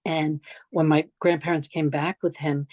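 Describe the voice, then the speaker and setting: Middle-aged New York woman, presenter, reflective and conversational, lower pitch, dry sound. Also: flat delivery, unhurried, a little mellow, dry recording. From New York City. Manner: conversational, reflective, frequent restarts and asides. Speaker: memorial lecture presenter. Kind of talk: personal storytelling lecture with slides.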